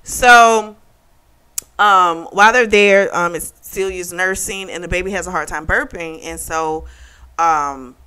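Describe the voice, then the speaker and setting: Bright, chatty woman reviewing a book. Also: fairly low pitch, measured pace, smooth. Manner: chatty plot retelling, laughing often. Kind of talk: casual chat.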